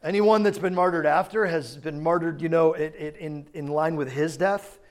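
A man's voice: a little high, steady tone, moderate pace. A man preaching a sermon in a conversational way, often asking the congregation whether they understand. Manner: conversational preaching, asks the crowd questions. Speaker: pastor.

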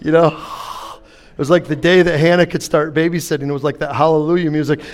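A man's voice: on the high side, steady tone, fairly quick. A middle-aged man preaching a sermon, telling funny family stories and acting out the exchanges before turning to call-and-response preaching. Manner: humorous storytelling, acts out exchanges. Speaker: pastor.

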